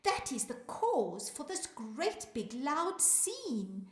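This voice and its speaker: Animated woman reading a rhyming story. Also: sits high, takes it slowly, roomy sound. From South Africa. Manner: sing-song rhyming read-aloud, calls out to young listeners. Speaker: children's music teacher reading a story.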